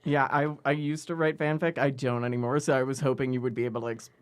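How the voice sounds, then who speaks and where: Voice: medium pitch, steady tone, fast. A comedian guest on a comedy podcast, rambling with stammered restarts and frequent laughs. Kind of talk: casual comedy podcast chat.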